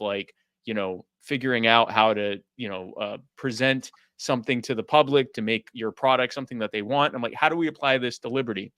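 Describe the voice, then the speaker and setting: A man speaking as a podcast guest in casual interview talk, animated and acting out quoted voices. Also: mid-range voice, no echo, studio quality.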